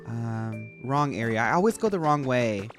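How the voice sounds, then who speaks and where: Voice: mid-range voice, animated, normal speed, over music. A streamer chatting casually while playing a game, rambling and playful, jumping from topic to topic. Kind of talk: casual gameplay stream chat.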